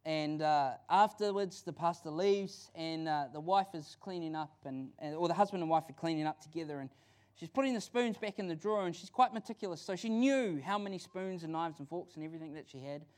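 A man with a New Zealand accent preaching a sermon in a church, excited and conversational, often restarting his sentences. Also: a little high, fairly quick, smooth. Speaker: pastor.

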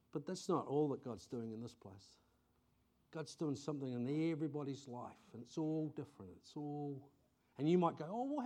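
A middle-aged man, preaching a conversational sermon and telling stories with sudden bursts of excitement. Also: medium pitch. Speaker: pastor.

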